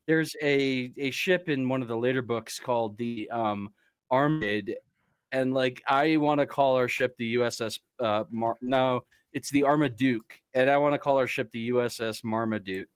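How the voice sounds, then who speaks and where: A man at a tabletop game table chats eagerly, peppering his speech with fillers. His voice sits at a middle pitch, and the sound is dry and close. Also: normal speed, smooth, dry recording. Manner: enthusiastic, filler-heavy chat. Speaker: player. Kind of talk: casual chat during a tabletop game.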